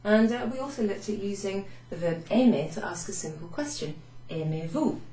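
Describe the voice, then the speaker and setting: A woman French teacher recapping a beginners' lesson, chatty, saying French phrases slowly with teacherly emphasis. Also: medium pitch, animated, dark tone. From Wales. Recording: echoey room with faint noise.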